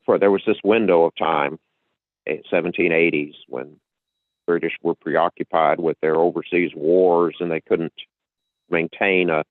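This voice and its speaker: A man with a very low voice talks at length in a lecturing way, circling back and repeating himself as he builds his point. His voice comes through a thin, phone-like line with a dry, close sound. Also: no echo. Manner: lecturing, with frequent restarts and repetitions. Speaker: podcast host. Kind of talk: casual explanatory talk.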